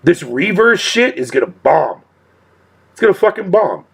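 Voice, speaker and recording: A man's voice: high-pitched, very animated, moderate pace, vocal fry, husky. A male streamer talking casually to his chat in a profane rant, swearing constantly and laughing often.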